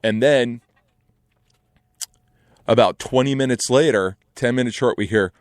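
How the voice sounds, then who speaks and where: A young adult man telling a casual story in an animated way, acting out other people's lines. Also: mid-range voice, measured pace, dry recording, clean studio sound.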